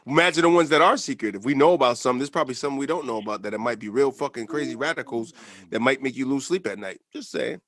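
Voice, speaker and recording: A man's voice: medium pitch, quick pace, fairly bright tone, dry recording. A man co-hosting a casual podcast, laughing often and swearing in loose, joking talk. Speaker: podcast co-host.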